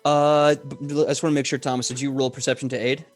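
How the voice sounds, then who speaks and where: A man narrating as game master in a tabletop game, talking loosely and joking, quick to laugh. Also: medium pitch, level tone, soft background music.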